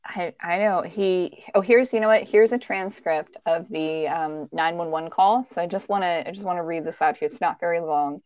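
Low-voiced woman telling a true-crime story. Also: normal speed, few pauses, darkish tone, no room sound, highs cut off. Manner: conversational, hesitant restarts and fillers. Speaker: podcast host.

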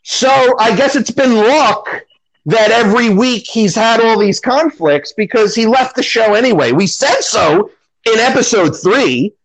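A man whose voice sits high speaks in an animated but unhurried way as a podcast co-host in casual chat. The recording is rough; he's sarcastic and self-deprecating, acting out what others said.

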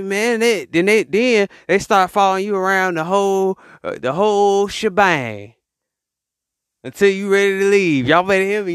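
A man's voice: high-pitched, fairly bright tone, smooth, no room sound, studio quality. A man hosting a podcast, talking in a casual, rambling motivational monologue and acting out the voices he quotes. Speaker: podcast host.

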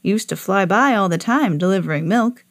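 A woman's voice: mid-range voice, animated, normal speed, lightly acted. A woman voicing a drowsy, hard-of-hearing old male moon in a storybook who mishears things.

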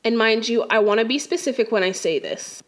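A woman's voice: on the high side, expressive, brisk. Exasperated young woman ranting casually. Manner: exasperated, slangy, talks straight to the viewer. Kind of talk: casual storytime rant.

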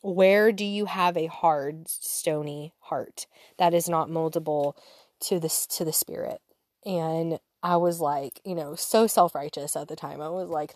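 A woman in her thirties sharing a personal faith story in a chatty, candid way, laughing easily and dropping to soft whispers. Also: lowish voice, expressive, takes it slowly, no echo, clean studio sound. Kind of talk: casual personal testimony to an audience.

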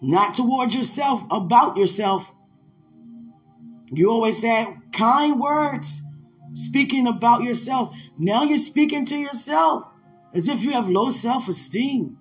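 A man's voice: very high voice, animated, slow pace, faint music behind, voice pushed up, full character voice. Brief: God, fatherly and reassuring, voiced by a man retelling a scripture story. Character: God, calm fatherly male deity.

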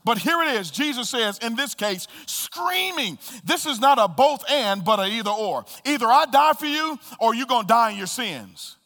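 Man, pastor, sermon, high voice, long church reverb. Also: moderate pace, hardly any pauses. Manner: animated preaching, swings from loud to hushed. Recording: reverberant hall.

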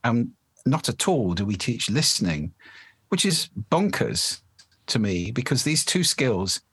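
A man who is an expert on the voice, explaining speaking habits in a measured, articulate way during an interview. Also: mid-range voice, sing-song, a bit bright, breathy edge, dry recording.

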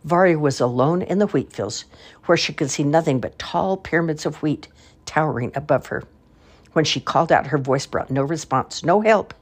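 An older woman with a husky voice reading a children's story aloud with expression. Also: low-pitched, moderate pace.

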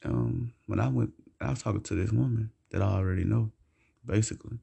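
A man's voice: fairly low pitch, brisk, vocal fry, dark tone, breathy edge. A young man casually telling a rambling, slangy, profane personal story for his vlog.

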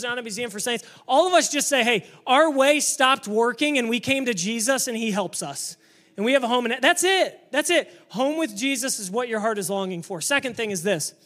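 A man preaching a sermon to a church congregation, energetic and emphatic, sometimes building up to shouting. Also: very high voice. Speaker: pastor.

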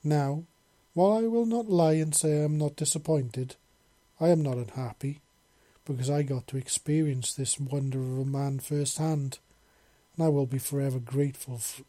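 Lizard-folk woman, bold, teasing, flirtatious, voiced by a man, husky, dry close sound. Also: mid-range voice, steady tone, normal speed, no room sound, close to an everyday voice. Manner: bold, teasing, warm-hearted.

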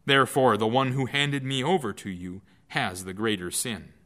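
A man reading the lines of a calm, solemn teacher in a measured, grave way. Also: mid-range voice, lightly acted.

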